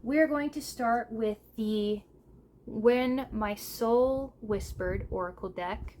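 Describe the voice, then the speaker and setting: Slow, gentle woman reading tarot. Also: a little high, slight background noise. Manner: gentle and emotional, with fillers and pauses. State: tearful. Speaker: tarot reader. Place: home room, seated in a squeaky chair.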